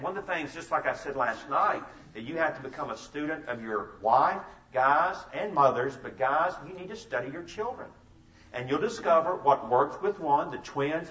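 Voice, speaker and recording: Roomy, distant man telling family stories. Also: medium pitch. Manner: animated storyteller, acts out family dialogue with laughs. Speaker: speaker at a family seminar. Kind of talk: storytelling talk to an audience. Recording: roomy, distant, slightly dull sound.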